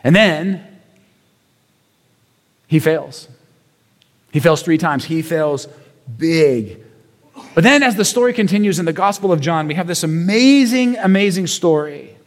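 High-voiced man preaching a sermon. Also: expressive, measured pace, pauses often, in a large hall. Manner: conversational storytelling, emphatic repetitions, rhetorical questions. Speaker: pastor.

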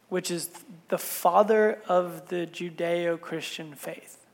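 A woman's voice: mid-range voice, measured pace, a little mellow. Woman pastor preaching in a reverberant hall. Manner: conversational storytelling with casual asides. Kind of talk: sermon. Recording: long reverb in a large hall.

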